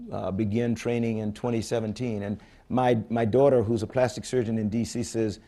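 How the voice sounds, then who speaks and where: An older man with a mellow, medium-pitched voice, the head of a space agency, fields audience questions at a public forum in a conference room. His conversational answers are candid and blunt, and he tells stories that often restart midway.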